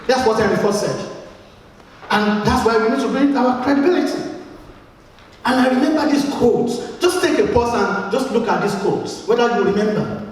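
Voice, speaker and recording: Brief: Nigerian-accented male motivational speaker, lively and repetitive, echoey hall with long reverb. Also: very high-pitched, moderate pace, far from the mic. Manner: emphatic, repeats words, asks the audience questions. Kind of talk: motivational speech to a live audience. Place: large event hall.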